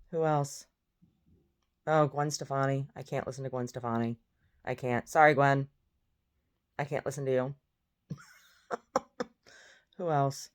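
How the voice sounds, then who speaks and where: A woman's voice: extremely low pitch, steady tone, slow, long pauses, clear, resonant tone. A woman talks from her bed, still groggy with her first-thing-in-the-morning voice. She rambles through a casual monologue, blunt and full of opinions. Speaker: vlogger. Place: in bed at home.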